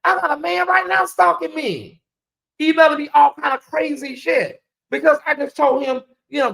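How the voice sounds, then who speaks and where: Blunt, animated livestream gossip host. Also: normal speed, creaky. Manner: animated, blunt and profane, with big swings in pitch. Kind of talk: live gossip commentary.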